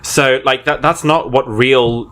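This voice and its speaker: A man co-hosting a drag podcast, speaking in a thoughtful, measured way. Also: mid-range voice, fairly even intonation, a bit bright. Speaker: podcast co-host. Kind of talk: casual chat.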